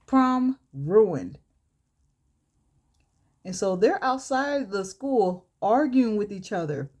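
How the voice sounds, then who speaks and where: A woman's voice: mid-range voice, big pitch swings, slow, a little mellow. A woman beauty vlogger telling a story while doing her makeup, chatty, laughing often and gushing over the results. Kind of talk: storytelling during a makeup tutorial.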